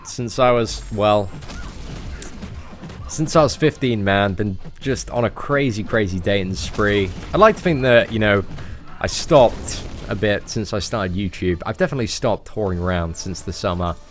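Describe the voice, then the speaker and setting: A man's voice: lowish voice, moderate pace, soft background music. A man in his twenties with a fairly posh English accent, chatting casually as he answers viewer questions on a live stream. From England. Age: 20s.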